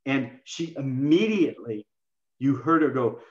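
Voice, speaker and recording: Guy on an interview explaining stuff, kinda high voice, lively, acts out little convos, echoey muffled audio. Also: normal speed. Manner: animated, acts out patients and himself in quoted lines. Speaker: health coaching expert guest. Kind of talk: interview, teaching communication.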